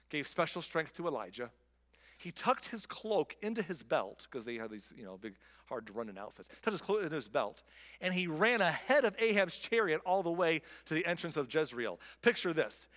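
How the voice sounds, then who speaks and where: Male pastor, high-pitched and lively, retelling scripture in a reverberant church hall. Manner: animated storytelling, voices quoted figures with rising pitch. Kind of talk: sermon.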